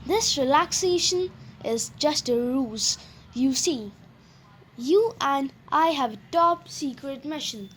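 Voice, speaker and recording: A woman's voice: sits high, lively intonation, takes it slowly, a little hiss or hum. A woman voicing a smug, teasing male mouse cousin in a children's audiobook.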